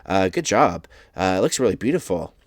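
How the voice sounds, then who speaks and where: A man's voice: deep voice, big pitch swings, fairly quick, no room sound, clean studio sound. A man voicing a shy, awkward, polite male forest gremlin who talks hesitantly and stammers. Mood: timid, earnest.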